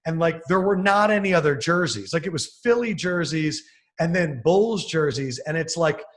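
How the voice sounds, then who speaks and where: A young man from the Philadelphia area who hosts sports on TV, talking in a casual podcast chat. His voice sits a little high for a man, and he tells stories in lively, quickening bursts. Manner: animated storyteller, fast excited bursts. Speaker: sports TV host, podcast guest.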